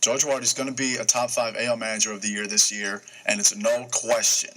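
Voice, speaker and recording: A man's voice: lowish voice, flat delivery, quick pace, bright, forceful tone, low-quality recording. A young man hosting a casual sports talk show, emphatic, asking himself questions and answering them. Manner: emphatic, asks and answers his own questions. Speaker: host.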